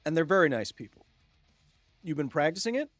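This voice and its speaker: Male streamer, relaxed chatty delivery, dry booth sound, faint guitar bed behind. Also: on the high side, brisk, dry recording. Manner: chatty, jokey, reads chat aloud and laughs often. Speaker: gaming livestream host. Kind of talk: casual live-stream chat.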